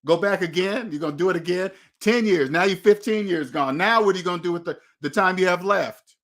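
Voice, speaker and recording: Hosting a motivational talk about money, a man preaches emphatically and hammers his points home with repeated questions. He speaks a little fast, his voice sitting high with a slightly bright quality.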